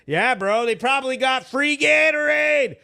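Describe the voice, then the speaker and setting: A man with a New England accent hosting a live stream, ranting loudly and profanely, mocking people and acting out what they said. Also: very high voice, measured pace, clean tone, no echo, clean studio sound. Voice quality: loud, profane, mocking and theatrical. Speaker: livestream host.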